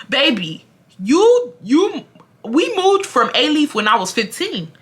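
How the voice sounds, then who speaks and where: A woman's voice: sits high, takes it slowly. A woman, telling a dramatic, profane storytime directly to her viewers. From Houston, Texas. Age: 20s. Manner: animated, dramatic, profane, talks straight to viewers. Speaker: storytime vlogger. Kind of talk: casual storytelling.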